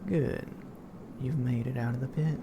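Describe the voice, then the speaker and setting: A man voicing a calm, ghostly male guide with a Southern accent, talking slowly and soothingly. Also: medium pitch, noisy background, close to an everyday voice. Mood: guiding. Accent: American Southern.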